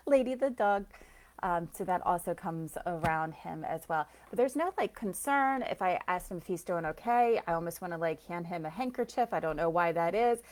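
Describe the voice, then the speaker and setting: A lowish-voiced woman leading a live card reading, talking straight to her viewers. She is chatty and effusive, gushing over small things and breaking into laughter, and she greets people by name as she goes. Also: expressive, moderate pace. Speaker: spiritual reader and soul coach.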